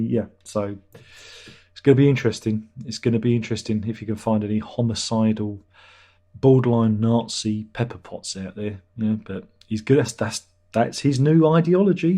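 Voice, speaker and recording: A man's voice: lowish voice, dark tone. A man hosting a casual livestream chat, rambling and self-deprecating. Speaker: livestream host.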